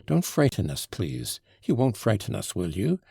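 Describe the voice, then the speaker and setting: A man's voice: on the low side, huge pitch swings, vocal fry, warm tone, breathy edge, no room sound, studio quality, heavily acted. A man reading an audiobook, voicing a teasing, imperious young woman who scolds insistently. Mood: mocking. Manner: insistent, reproachful, quick to scold.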